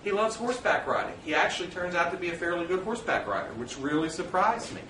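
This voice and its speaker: A man's voice: sits high, expressive, fast, sharp tone, distant mic, slight background noise. A man, a father of a child with special needs, talking earnestly and plainly to other dads and telling personal stories. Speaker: parent speaker addressing fathers. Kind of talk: informal talk to an audience. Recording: roomy echo, speaker away from the mic, faint ambience.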